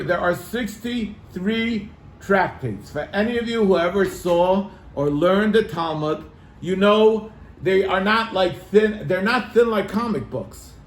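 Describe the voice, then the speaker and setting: Animated storytelling rabbi, high voice. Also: male voice, echoey room, a little hiss or hum. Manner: animated, acts out quoted voices. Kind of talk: storytelling to a congregation.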